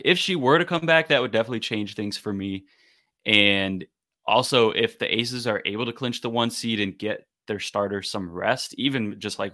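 A man's voice: on the low side, bright, forceful tone, dry recording, clean studio sound. A man co-hosting a podcast, chatting casually and thinking aloud in long, qualified sentences. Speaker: podcast co-host. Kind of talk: casual sports chat.

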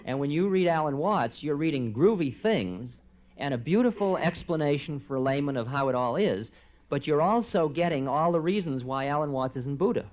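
A man giving a relaxed spiritual talk to listeners, his voice soft and conversational, wandering into asides. The sound is dull and lo-fi, like an old tape recording. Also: fairly high pitch. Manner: relaxed, conversational, soft-spoken with frequent asides and quiet chuckles. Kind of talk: informal spiritual lecture.

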